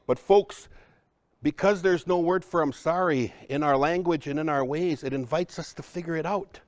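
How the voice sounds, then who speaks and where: Baritone male presenter, live workshop, chatty and engaging with the crowd. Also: normal speed. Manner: conversational, often checks in with the audience. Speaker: cultural trainer presenting to a group. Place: room with a live audience.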